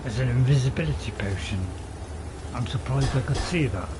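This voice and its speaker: At a moderate pace, a mid-range male voice offers easygoing gameplay commentary while streaming, wandering off and starting sentences again. Crickets and other insects are audible the whole time.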